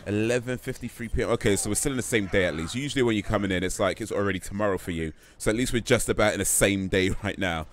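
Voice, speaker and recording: A man's voice: fairly low pitch, fast, hardly any pauses, a little hiss or hum. A tired man streaming a game, chatting casually and answering viewer comments as he plays. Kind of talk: casual live-stream chat while gaming. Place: home gaming setup in the UK.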